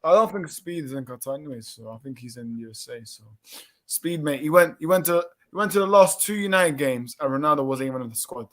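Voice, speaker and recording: Male watchalong host with a slightly high voice, casual and teasing. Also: fast, fairly bright tone. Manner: teasing, slangy banter. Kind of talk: casual live commentary chat.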